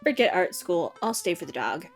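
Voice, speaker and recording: A woman voicing a playful teenage daughter who teases in a deadpan way. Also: on the low side, normal speed, faint music behind, voice pushed down. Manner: teasing, deadpan.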